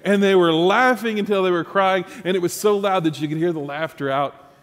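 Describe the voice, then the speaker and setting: Pastor preaching in a reverberant church. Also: male voice, high voice, a little fast. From Texas, USA. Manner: storytelling, animated, with rising emphasis and restarts. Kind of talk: sermon.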